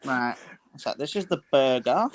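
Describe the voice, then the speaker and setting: A man's voice: medium pitch, lively intonation, moderate pace. A man from Yorkshire joining a fan show by video call, rambling and restarting as he talks. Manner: rambling, restarting, laughing easily. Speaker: guest. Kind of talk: casual video call chat. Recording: noisy video call audio.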